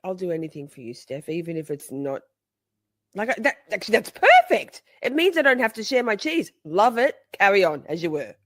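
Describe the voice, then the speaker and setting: A woman chatting casually as she reacts to a trial, giggly and playful, swinging from soft whispers to high squeals. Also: very animated, fairly quick, no room sound, clean studio sound.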